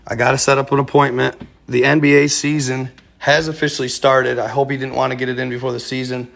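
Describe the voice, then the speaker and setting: Guy rambling on his livestream, lots of ums, kinda gravelly, talks to you guys. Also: mid-range voice, little pitch movement, quick pace, fairly bright tone. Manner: rambling, many fillers, addresses viewers as you guys. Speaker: livestream host. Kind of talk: casual livestream chat.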